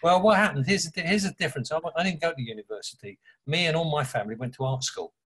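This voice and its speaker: A man with an East London Cockney accent, telling blunt, animated stories as an author guest in a casual interview. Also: a little high, quick pace, slightly rough. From England. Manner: blunt, animated storyteller who swears.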